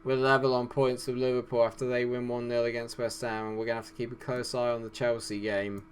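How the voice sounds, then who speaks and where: A man giving excited, hoarse commentary on his football management game, swinging from glum muttering to shouted outbursts. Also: medium pitch, fast talker, a little hiss or hum. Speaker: gaming YouTuber.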